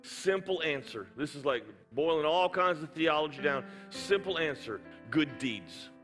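A man preaches in a church with a bright, forceful tone and jokes through his stories. His voice rings in a hall with a long reverb while soft music plays beneath. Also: a little high, a little slow. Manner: humorous storytelling, animated asides. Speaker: pastor. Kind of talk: sermon. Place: church auditorium.

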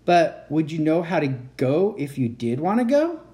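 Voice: mid-range voice, big pitch swings, moderate pace, dark tone, voice pushed up, close to an everyday voice. A reader voicing a brave, practical nine-year-old boy in a children's storybook, cheerful and matter-of-fact. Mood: polite. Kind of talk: children's storybook read-aloud.

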